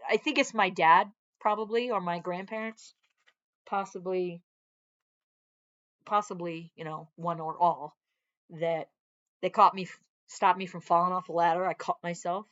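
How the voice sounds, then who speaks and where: A woman's voice: on the low side, a bit bright, muffled recording. A woman Air Force veteran talking earnestly in a casual vlog, her arm in a sling, chatting on and breaking off to scold her dog. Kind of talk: casual heartfelt vlog talk.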